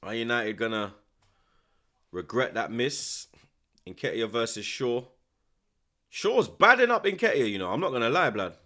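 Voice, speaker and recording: A man with a London accent hosting a football watchalong, slangy and teasing, flaring up excitedly at the action from home. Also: fairly low pitch, normal speed, long pauses. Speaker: host. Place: at home indoors.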